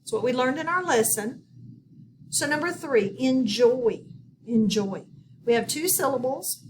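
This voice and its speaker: Slow, patient woman teaching phonics. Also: sits high, expressive. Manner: slow, patient, instructive with repeated prompts. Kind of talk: recorded video lesson. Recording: distant mic with background noise.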